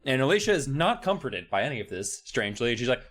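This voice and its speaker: Cohost, crude comic storyteller, mid pitch, very animated intonation. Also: fast, few pauses. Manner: crude, joking, lively storytelling. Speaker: podcast cohost. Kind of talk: casual comedic book recap.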